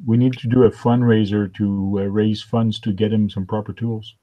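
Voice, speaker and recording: A man's voice: fairly low pitch, flat delivery, moderate pace, muffled recording. A man whose first language is French, in a casual podcast chat, joking at himself. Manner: self-deprecating, joking.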